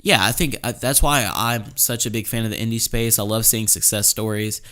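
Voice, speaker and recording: Casting note: young male podcast host, slightly low voice, stop-start casual talk. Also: steady tone, normal speed, sharp tone. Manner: hesitant, repeats words, lots of fillers. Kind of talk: casual chat.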